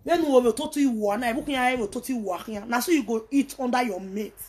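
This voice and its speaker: High-pitched Nigerian woman ranting scornfully. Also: fast, darkish tone, husky. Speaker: vlogger. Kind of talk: heated ranting vlog.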